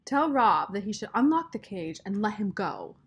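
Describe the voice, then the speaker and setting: A woman's voice: mid-range voice, big pitch swings, moderate pace, slightly rough. A woman voicing a stubborn young girl who insists and accuses. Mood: indignant.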